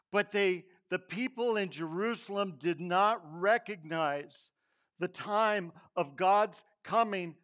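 High-voiced pastor guy preaching in church, storytelling, acting out quotes, goes quiet and hushed for effect. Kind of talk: Palm Sunday sermon.

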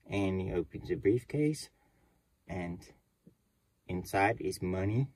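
An Australian man spinning a joke as a loose, rambling yarn, stopping to fill in details as he goes. His voice sits on the low side for a man. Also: expressive, slow pace, pauses often, darkish tone, breathy edge, rough recording. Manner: casual, rambling storytelling. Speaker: joke teller.

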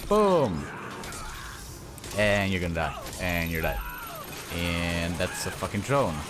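A man commentating over a shooter game, frustrated and swearing, his voice shooting up high when annoyed. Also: fairly even intonation, a little slow, music in the background. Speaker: gameplay commentator. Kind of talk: Let's Play commentary.

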